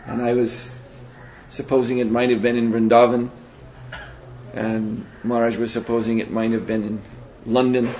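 A man teaching a spiritual seminar in a measured, reflective way, often pausing to hesitate. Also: mid-range voice, level tone, darkish tone. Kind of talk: spiritual lecture. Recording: dull lo-fi recording with faint hiss.

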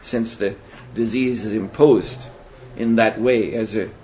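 A man teaching a spiritual seminar in a measured, reflective way, often pausing to hesitate. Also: fairly low pitch, steady tone, dark tone. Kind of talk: spiritual lecture. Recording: dull lo-fi recording with faint hiss.

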